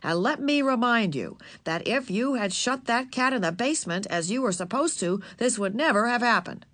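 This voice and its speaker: A stern, angry father scolding his daughter in a sharp, raised voice, as a woman reading aloud puts him on. The sound is close and dry, with no room around it. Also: on the high side, lively intonation, normal speed, no room sound, pitched above the performer's own voice.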